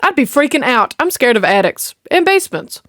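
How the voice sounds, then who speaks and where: A woman's voice: high-pitched, very animated, fairly quick, heavy background noise. A woman, chatting casually and talking back at a movie as she reacts to it. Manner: chatty, exclaiming, talks back to the screen. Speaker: reaction video host.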